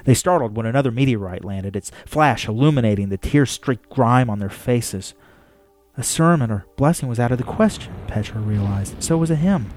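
A man reading a novel aloud in a steady storytelling manner. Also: medium pitch, moderate pace, soft background music. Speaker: audiobook narrator. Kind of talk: scripted narration.

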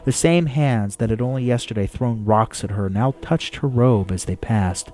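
A man reading a novel aloud in a steady storytelling manner. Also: medium pitch, normal speed. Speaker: audiobook narrator. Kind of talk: scripted narration.

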